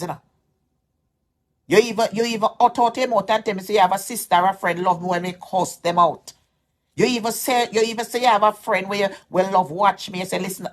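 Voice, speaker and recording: A Jamaican woman vlogger speaking straight to camera, insistent and aggrieved, repeating her points as she calls someone out. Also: medium pitch. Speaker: social media vlogger. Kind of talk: heated direct-to-camera callout.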